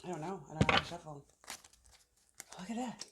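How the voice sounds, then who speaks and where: A woman's voice: low-pitched, fairly quick, background noise. A woman giving a casual tarot reading, thinking aloud as she pulls cards outdoors in the sun. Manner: chatty, thinks aloud while pulling cards. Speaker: tarot reader.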